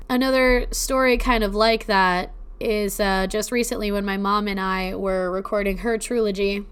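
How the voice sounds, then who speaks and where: A woman's voice: medium pitch, fairly even intonation, measured pace, clear, resonant tone. A young woman casually telling personal ghost stories on a podcast, emotional and teary-eyed at times, chatting with plenty of fillers.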